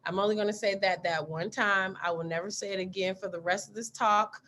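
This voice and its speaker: A woman's voice: medium pitch, fairly even intonation, fairly quick, a bit bright, a little hiss or hum. A woman scientist in her thirties giving a candid talk, telling stories about graduate school and acting out the dialogue as she goes. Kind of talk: storytelling talk.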